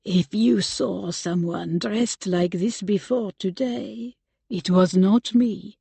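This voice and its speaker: Woman narrator playing a middle-aged French nun, French accent, wry and grave, slow. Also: mid-range voice, vocal fry, dark tone, husky, no echo, heavily acted. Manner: wry, earnest, deliberate.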